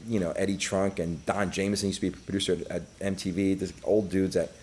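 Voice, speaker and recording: A man's voice: sits low, quick pace. A middle-aged man, a podcast guest telling stories in casual, profane chat and acting out other people's voices. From Brooklyn, New York. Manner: profane, animated, acts out quoted voices.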